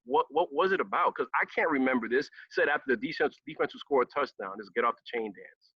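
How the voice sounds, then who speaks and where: A man's voice: mid-range voice, expressive, quick pace, breathy edge, no room sound. A man hosting a podcast interview, chatting casually with frequent laughs and long, rambling questions. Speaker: podcast host. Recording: dull lo-fi sound.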